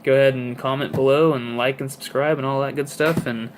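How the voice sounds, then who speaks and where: A man's voice: mid-range voice, steady tone, a little fast, noisy background. A man of twenty-eight chatting casually about his toy collection, rambling with many fillers and asides. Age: 20s. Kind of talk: casual chat.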